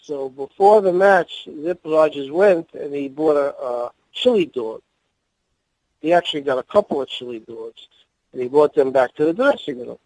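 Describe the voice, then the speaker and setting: A man's voice: on the high side, lively intonation, normal speed, darkish tone, no room sound, poor audio. Older man telling rambling road stories. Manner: rambling anecdotes with laughs and restarts. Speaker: guest, former wrestling manager. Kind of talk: podcast interview storytelling.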